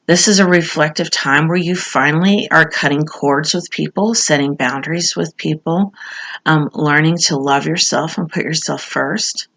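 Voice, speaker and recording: Bright-voiced woman giving heartfelt tarot reading. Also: sits low, steady tone. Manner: earnest, reassuring, heartfelt; frequent "um" pauses, repeats phrases for emphasis. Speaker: tarot card reader. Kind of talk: casual spoken tarot reading.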